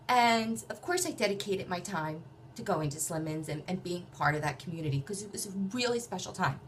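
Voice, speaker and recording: A woman telling a personal story in a chatty, animated way, acting out other people's voices. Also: on the low side, a little fast, a little hiss or hum. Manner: chatty, many fillers and restarts.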